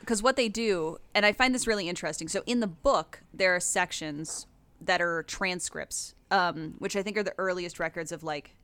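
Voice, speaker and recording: A woman co-hosting a casual podcast, breaking down game lore in an animated, profane way. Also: on the low side, clean tone, dry recording. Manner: animated, profane, quick asides. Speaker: podcast co-host.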